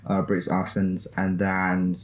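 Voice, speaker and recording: A man's voice: deep voice, monotone, echoey room. Eager young man with an Indonesian accent. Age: young adult. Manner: eager, halting English with many restarts. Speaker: student guest. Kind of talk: casual interview chat.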